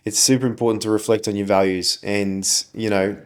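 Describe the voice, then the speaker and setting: A man's voice: on the low side, little pitch movement, a little fast, smooth. A man, co-hosting a casual business podcast, ranting and swearing freely as he tells stories. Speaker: podcast co-host, business owner.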